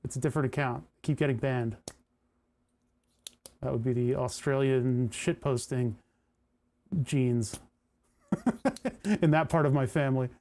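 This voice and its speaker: At a measured pace with long pauses, a New Jersey man with a mid-range, darkish voice chats casually on a live stream. He rambles and chuckles as he thinks aloud, all while working on electronics.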